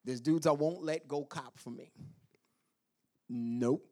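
A pastor preaching a chapel sermon, calling out to the congregation and dropping into quiet whispered asides. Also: male voice, mid-range voice, slow pace. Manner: animated preaching with call-and-response "Amen?".

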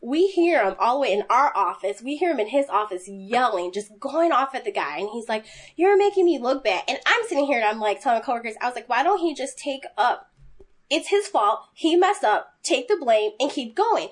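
A woman's voice: a little high, brisk, husky. Chatty woman telling a work story. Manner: animated, quotes people in voices. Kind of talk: casual storytelling chat.

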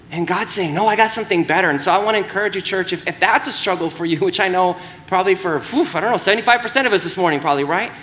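A young man preaching as pastor in a casual, conversational sermon, with animated asides and frequent "right?" checks to the congregation. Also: sits high, racing, hardly any pauses, slight background noise.

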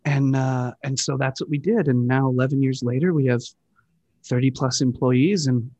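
A man talking as an interview guest, telling his work story with quick, enthusiastic asides. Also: medium pitch, steady tone, darkish tone, no echo, muffled recording. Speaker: guest, digital marketing agency partner. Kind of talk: casual conversational interview.

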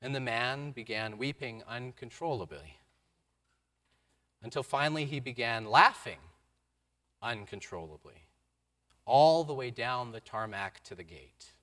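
A man preaching a sermon, telling a story and acting out the voices in it, moving between loud outbursts and quiet lines. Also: medium pitch, animated, measured pace, pauses often. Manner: acts out quoted voices, swings from loud to soft. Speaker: pastor.

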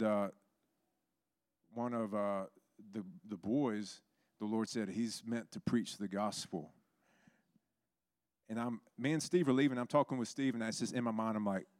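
A man's voice: fairly low pitch, a little mellow, no room sound. A man preaching a sermon, telling stories and acting out the voices in them. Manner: storytelling, acts out quoted voices.

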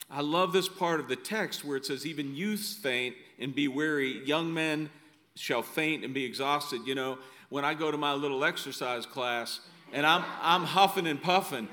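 A man's voice: on the high side, sharp tone. A middle-aged male pastor preaching a sermon in a conversational way, often adding "right?" asides.

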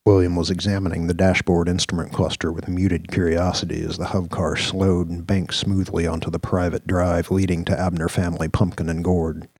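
A man narrating a science-fiction radio story in a measured, descriptive way. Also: sits low, level tone, darkish tone, no echo. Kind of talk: scripted audio-drama narration.

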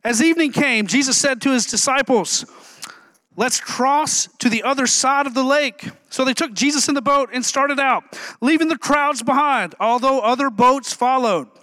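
A man pastor preaching a sermon in a lively, humorous way, joking with the congregation between points. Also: very high voice, normal speed, no room sound.

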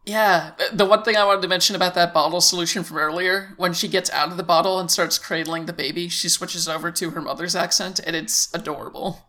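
Co-host with a bright voice, calm and explanatory. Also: mid-range voice, fairly quick, few pauses. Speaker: podcast co-host. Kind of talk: casual chat.

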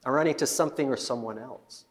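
A man's voice: mid-range voice, fast. A male pastor preaching a sermon, retelling a Bible story with vivid storytelling and often repeating words as he goes. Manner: storytelling, acting out biblical scenes, frequent repeated words. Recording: long reverb of a large hall.

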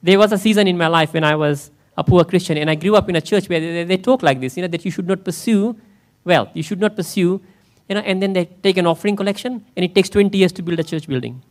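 High-voiced and rapid, with few pauses, a man acting as pastor preaches a chatty sermon in church. He frequently turns to the congregation with questions.

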